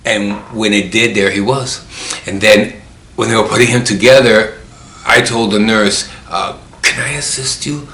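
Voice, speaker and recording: Man, low voice, personal storytelling, reflective, emotional, roomy echo. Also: fairly even intonation, measured pace, fairly bright tone. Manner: emotional, reflective, acts out remembered dialogue. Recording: roomy with faint background noise.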